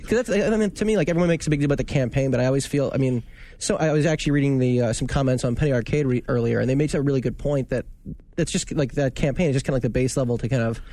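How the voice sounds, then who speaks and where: A man's voice: medium pitch, rapid-fire, dark tone. A man co-hosting a casual gaming podcast, eager and chatty. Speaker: podcast co-host. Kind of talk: casual chat.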